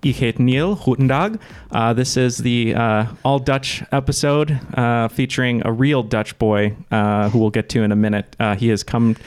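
A man hosting a trivia podcast in casual chat, halting with many fillers and frequent laughs. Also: mid-range voice, flat delivery, clean tone. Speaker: podcast host.

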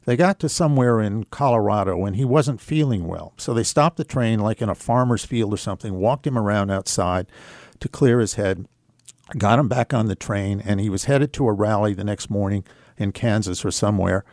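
An older man with a low-pitched voice tells a personal story on talk radio. He speaks in a measured, reflective way, pausing and hesitating as he goes. The sound is close and dry. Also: darkish tone, no room sound. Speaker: radio guest.

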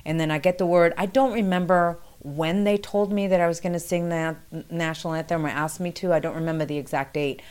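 A woman recounting a past experience in conversational storytelling, acting out quoted dialogue with animated pitch jumps. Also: fairly quick, hardly any pauses, clear, resonant tone. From New York City.

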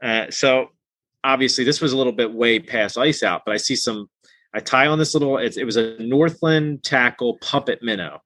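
A man's voice: mid-range voice, normal speed, a bit bright, dry recording. A man in his thirties hosting a casual fishing interview, easygoing and telling stories with restarts. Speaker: podcast host.

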